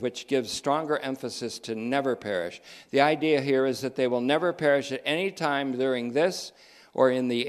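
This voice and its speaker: A man preaching a sermon, emphatic and repeating key phrases, slowing down and speeding up as he goes. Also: mid-range voice.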